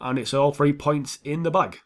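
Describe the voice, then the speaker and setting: A young man giving casual, foul-mouthed commentary over his own football video game, switching between calm play-by-play and heated rants. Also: fairly high pitch, normal speed. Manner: swears a lot, swings from calm play-by-play to heated outbursts. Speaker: gaming YouTuber.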